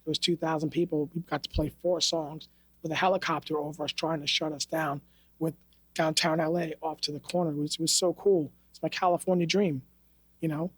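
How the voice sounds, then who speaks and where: A New York man who teaches martial arts tells stories on a podcast, blunt, profane and streetwise in a casual interview style. His voice sits on the high side, level in tone, brisk and husky, recorded in a podcast studio with no echo.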